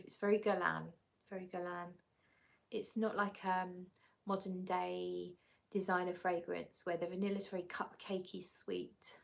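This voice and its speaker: A woman's voice: medium pitch, creaky. A woman hosting a casual livestream, reading out viewer comments and talking about perfumes. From England. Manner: chatty, reads viewer comments aloud and answers them. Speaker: livestream host reviewing perfumes. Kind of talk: casual live chat.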